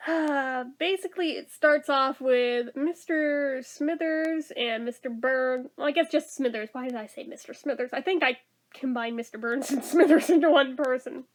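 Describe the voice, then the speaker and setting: This woman reviews a TV episode casually, her high voice at an ordinary speed. The talk is chatty and full of laughs, with "like" showing up in almost every sentence.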